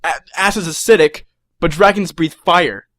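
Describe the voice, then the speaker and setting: In this comic rant, a young man imagines being a supervillain, rambling, stammering excitedly and voicing little characters. His pitch is fairly high, his speed normal, and the recording dry.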